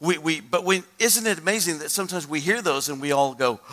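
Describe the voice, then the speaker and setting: A male pastor telling a story from the pulpit, bright and forceful in tone, with a fairly high voice for a man. His delivery is animated, and he acts out the people he quotes. The sound rings with long reverb from a church hall. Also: fairly quick, few pauses. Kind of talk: storytelling sermon.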